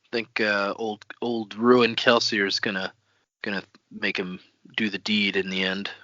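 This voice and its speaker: A man's voice: lowish voice, level tone, a little slow, bright, forceful tone, no room sound, lo-fi sound. A man co-hosting a book-club podcast and cracking jokes about the story. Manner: jokey wisecracks. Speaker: podcast co-host. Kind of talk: casual book-club chat.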